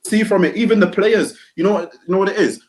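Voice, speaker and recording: A young man co-hosting a football podcast in slangy, animated banter. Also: high voice, quick pace. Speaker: podcast co-host. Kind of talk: casual podcast chat.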